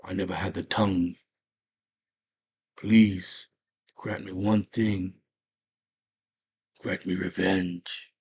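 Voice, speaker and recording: A man voicing a grim barbarian warrior praying in a low, solemn, measured voice. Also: flat delivery, a little mellow, slightly rough, no echo, heavily acted.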